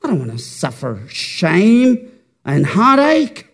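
A man's voice: high voice, huge pitch swings, slow, vocal fry, full character voice. A man voicing an anxious father who wants his son saved to spare himself shame. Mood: earnest.

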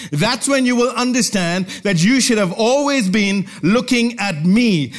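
A male preacher with a notably high voice delivers a sermon. He teaches at a measured pace, stressing key words with pauses. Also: fairly bright tone. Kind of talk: expository sermon.

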